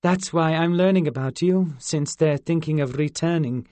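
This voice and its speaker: A man's voice: on the high side, normal speed, darkish tone, dry recording, voice pushed up, natural voice. A male narrator voicing a haughty, curious fairy girl with a British accent and formal, old-fashioned phrasing. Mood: wondering.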